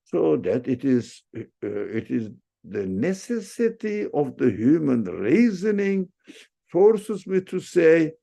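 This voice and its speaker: Slow, gravelly-voiced man lecturing. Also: fairly high pitch, big pitch swings, warm tone. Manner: reflective, repeats and rephrases words, frequent fillers. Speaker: Islamic teacher. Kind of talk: unscripted religious lecture.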